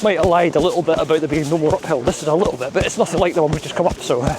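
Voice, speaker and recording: A man's voice: fairly high pitch, racing. A chatty, wry man from Edinburgh with a Scottish accent, filming a casual vlog outdoors in a city park. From Edinburgh, Scotland. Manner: chatty, wry, self-deprecating. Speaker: running vlogger. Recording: outdoor crowd noise behind. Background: crowd of runners.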